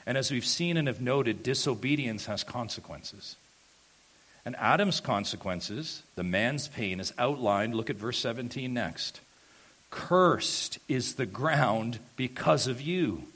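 A man's voice: mid-range voice, expressive, fairly bright tone, slightly rough. Emphatic male preacher. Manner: emphatic preaching, slows and swells on key points. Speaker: pastor. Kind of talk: sermon.

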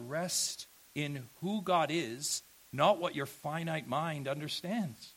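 A pastor delivers an earnest, emphatic sermon, posing rhetorical questions to his listeners and swinging between quiet and loud. His voice is a little high and his pace unhurried, and the recording is rough.

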